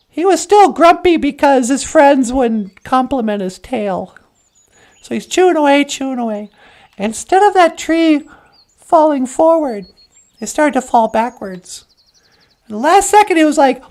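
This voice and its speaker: A woman tells a folk tale in a playful, chatty way. Her voice is high and swings widely, and she takes her time with each phrase. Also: expressive, measured pace, a little mellow. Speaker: storyteller. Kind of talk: oral folk storytelling.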